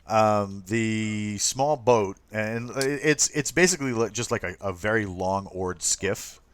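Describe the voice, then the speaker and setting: A man narrating as game master of a tabletop game, halting with many ums and uhs. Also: on the low side.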